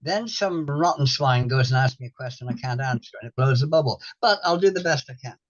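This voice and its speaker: A man's voice: mid-range voice, expressive, a little fast, a bit bright. An older man hosting a casual chat, rambling and repeating himself with wry humor. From Ireland. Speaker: host. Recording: dull lo-fi sound.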